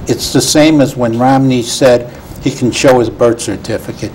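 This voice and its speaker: A man's voice: medium pitch, moderate pace, darkish tone, rough recording. A man speaking as a guest on a political panel, giving firm opinions. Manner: opinionated, emphatic. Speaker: guest commentator. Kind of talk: political discussion. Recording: faint background noise.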